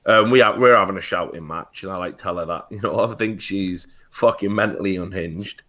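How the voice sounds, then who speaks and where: A man's voice: low voice, brisk, a bit bright. Swearing British man telling a story. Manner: heated, swears often, many restarts. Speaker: guest. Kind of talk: casual storytelling on a talk show.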